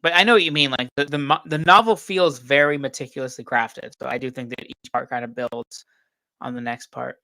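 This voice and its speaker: A man's voice: medium pitch, a little fast, pushed and bright, no echo. A tired man chatting as a guest about a novel over a video call, easygoing and rambling with many "like"s. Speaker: book reviewer guest. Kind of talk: casual chat about a book.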